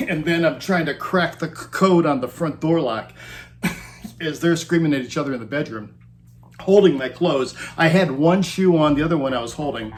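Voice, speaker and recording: A former roadie in his fifties tells a rowdy comic tour story at a moderate pace, his voice fairly high, with music underneath. He rambles casually and keeps chuckling.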